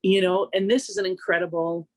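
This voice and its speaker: A woman singer from Canada talking through her craft in a relaxed radio interview, reflective and conversational, lifting her pitch when she quotes herself. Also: brisk, no echo. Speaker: singer and vocal coach, interview guest.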